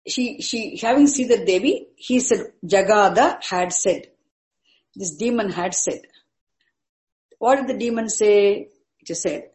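A woman explains a scripture line by line, patiently repeating each word and its meaning. Her voice sits at an ordinary middle pitch, and the recording carries a noticeable roomy echo. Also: slow pace, darkish tone. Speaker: Sanskrit teacher.

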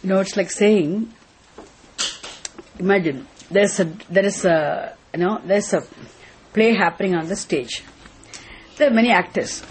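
A woman's voice: medium pitch, a little slow, pauses often, slight background noise. A woman giving a spiritual teaching talk, asking rhetorical questions and then answering them herself.

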